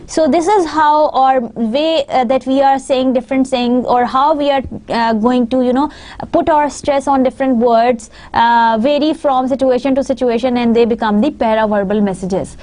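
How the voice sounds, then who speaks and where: High-voiced woman lecturer, Pakistani English. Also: fairly even intonation, normal speed, darkish tone. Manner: patient, explanatory teaching with frequent recaps. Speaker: university lecturer. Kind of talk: recorded online lecture.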